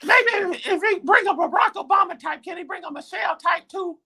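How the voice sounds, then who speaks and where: A whiny little boy fan pleading with Santa, as a woman puts him on. The voice is very high, bright and gravelly, and it rambles on with lively swings. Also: a little fast, full character voice. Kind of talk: comedy skit.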